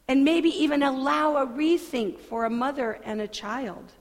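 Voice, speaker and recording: A woman pastor delivering a sermon in a church sanctuary, earnest and deliberate, with conversational asides. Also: high-pitched, a bit bright. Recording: long hall reverb.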